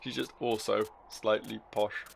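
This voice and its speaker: A man's voice: fairly low pitch, level tone, a little slow, creaky, slight background noise. A man hosting a let's-play video, making dry, wry, self-mocking remarks while playing. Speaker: gaming video host.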